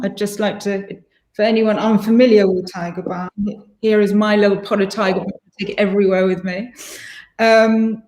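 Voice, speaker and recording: A woman's voice: mid-range voice, a little mellow. Woman moderating a panel in an echoey room. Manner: friendly, apologetic about her French pronunciation. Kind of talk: hosting an online panel discussion.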